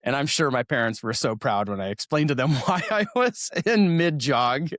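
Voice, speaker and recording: A fortysomething Oregon man talks at normal speed in an expressive, mid-range voice with a fairly bright tone, recorded at studio quality with no room sound. He's sharing stories from his school days as an interview guest, casual and self-deprecating, laughing while he tells them.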